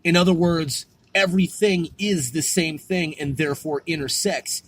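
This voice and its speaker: A man's voice: a little high, fairly even intonation, moderate pace, fairly bright tone, a little hiss or hum. A man delivering a rambling, profane philosophical monologue, firing rhetorical questions at the listener and repeating himself. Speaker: vlogger.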